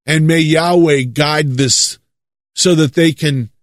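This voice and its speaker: A man from the United States preaching a monologue, leaning hard on drawn-out stresses and repeating words for effect. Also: a little high, no echo, clean studio sound.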